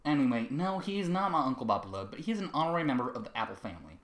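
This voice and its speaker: A man's voice: mid-range voice, sing-song, fast talker, a bit bright, echoey room. A man voicing a young, earnest filly who scolds her uncle and nervously covers for him. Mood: anxious. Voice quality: pleading, nervous.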